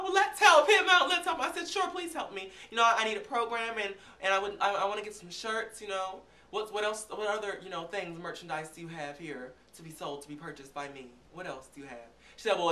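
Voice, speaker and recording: High, fast-talking young man vlogger. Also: reverberant. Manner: animated, chatty, acts out dialogue. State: recovering from illness. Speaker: vlogger reviewing a concert. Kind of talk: casual storytelling.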